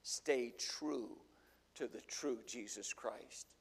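An older male pastor giving a folksy sermon full of homespun stories. His voice is gravelly, with a middling pitch, and his delivery swells and drops as he tells the stories. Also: slow pace. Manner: folksy storytelling, acts out quotes.

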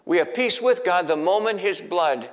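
A male pastor delivering a sermon in a church, moving between hushed, near-whispered prayers and loud, emphatic preaching. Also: high-pitched, expressive, moderate pace. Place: church sanctuary. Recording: long reverb of a large hall.

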